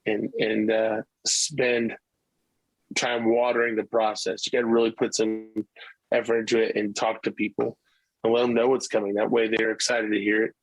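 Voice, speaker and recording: A man's voice: on the low side, level tone, moderate pace, no room sound, poor audio. A middle-aged male musician telling stories in a casual interview, rambling with many restarts. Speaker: musician guest.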